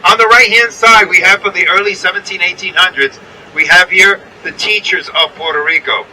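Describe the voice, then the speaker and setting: Man, New York accent, tour guide, bright ringing voice, mic a bit far off, faint vehicle rumble. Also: fairly quick. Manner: chatty, checks in with listeners. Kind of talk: guided bus tour narration. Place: inside a moving vehicle.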